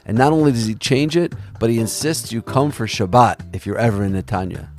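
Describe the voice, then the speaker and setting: A man's voice: on the low side, fairly quick, soft background music. A man hosting a podcast, narrating a story in a reflective, storytelling manner and interviewing guests.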